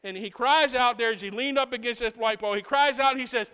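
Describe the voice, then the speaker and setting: High, clear-voiced preacher swinging loud to hushed. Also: male voice, quick pace, in a large hall. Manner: swings between loud, rising proclamation and hushed, intimate asides; keeps checking in with the congregation with a repeated "right?". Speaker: pastor. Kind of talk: sermon. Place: church.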